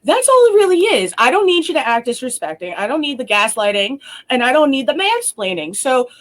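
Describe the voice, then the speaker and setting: A woman's voice: high voice, brisk. A woman hosting a talk show, ranting bluntly and profanely, acting out quotes as she tells stories in casual chat. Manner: animated storytelling with acted-out quotes.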